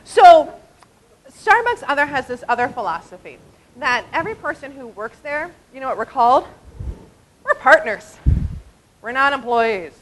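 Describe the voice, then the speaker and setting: Animated woman speaker with a high voice. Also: moderate pace, low-quality recording. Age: 40s. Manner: animated and conversational, often asking "right?". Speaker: diaconal minister speaking at a conference. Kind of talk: conference talk to church leaders. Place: conference hall.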